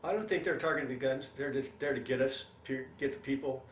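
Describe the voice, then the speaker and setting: An older man, a veteran, telling his war experiences in an oral history interview, lively storytelling that acts out what others said. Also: medium pitch, quick pace. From Canada. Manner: animated storytelling, acts out quoted voices. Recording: roomy, mic at a distance, faint hiss.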